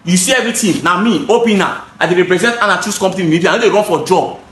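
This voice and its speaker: High-voiced Nigerian man explaining roofing parts. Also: rapid-fire, fairly bright tone, reverberant. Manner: emphatic, repeats phrases, switches into pidgin. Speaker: gutter installer and seller. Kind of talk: casual product explanation to camera.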